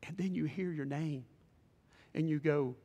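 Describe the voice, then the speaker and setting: A male pastor preaching with a fairly high voice. His delivery swings from quiet, intimate moments to loud, excited outbursts. A long reverb from the church hall trails behind every line. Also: a little slow. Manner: animated, swings from hushed to shouting. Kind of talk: sermon. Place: church sanctuary.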